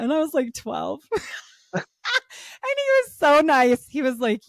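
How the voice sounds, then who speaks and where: A woman's voice: a little high, measured pace, no echo, studio quality. A middle-aged woman chatting as a podcast guest, telling stories with lots of laughter and acted-out quotes. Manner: animated storytelling, laughing often, acting out quotes. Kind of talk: casual chat.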